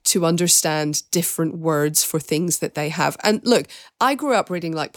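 A woman's voice: on the low side, no echo, studio quality. A woman hosting a film podcast, talking in casual review chat and thinking aloud in long, winding, reflective sentences. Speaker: podcast host and film critic.

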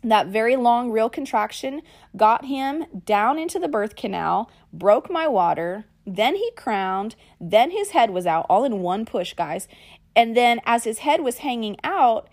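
A woman podcast host, telling a personal story in a lively way and calling her listeners y'all and guys. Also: mid-range voice. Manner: animated, acts out quoted lines.

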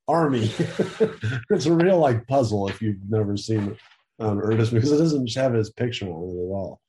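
Low, mellow-voiced young man rambling. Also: a little hiss or hum. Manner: rambling, laughs often, swears casually. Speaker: interview guest. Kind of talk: casual chat. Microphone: video call.

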